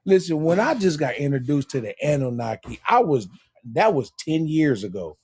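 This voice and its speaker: Man, casual live chat, husky, dark tone, insistent. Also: a little high, very animated, normal speed. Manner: insistent, repeats "listen" to hold the floor. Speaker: livestream participant.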